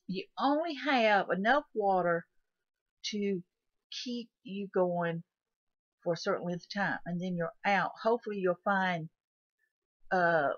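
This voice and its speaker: A channel host with a medium-pitched, fairly bright voice walks through a what-if survival scenario in a casual monologue. Her style is folksy and repetitive, and she poses questions to the viewer. The recording is dull, lo-fi, and dry with no room sound.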